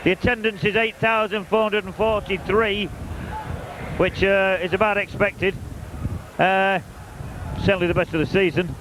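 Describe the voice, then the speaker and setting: Man with a high voice, chatty and wry commentary on a football match for the home team, loud noise behind him in an open-air stadium. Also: steady tone, normal speed, pauses often. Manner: chatty, wry and openly partisan. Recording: noisy outdoor stadium recording.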